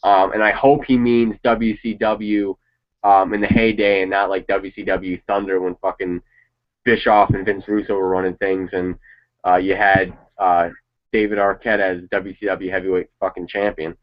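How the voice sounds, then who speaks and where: His voice sits low with little pitch movement, moving at a moderate pace as he chats casually in reaction to a wrestling show. He's rambling and opinionated, swears casually, and the audio has a dull lo-fi quality.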